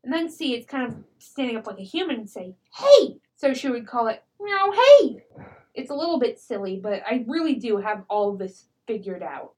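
A woman's voice: fairly high pitch, darkish tone. A woman chatting casually on a podcast, animatedly telling tabletop game stories, laughing often and slipping into character voices. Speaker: podcast guest. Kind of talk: casual storytelling chat.

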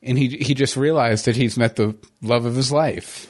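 Male podcast cohost, mid-pitched voice, casual chatter full of "uh"s. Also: fairly even intonation, normal speed. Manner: chatty, stammering with many fillers. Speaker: podcast host. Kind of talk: casual commentary chat.

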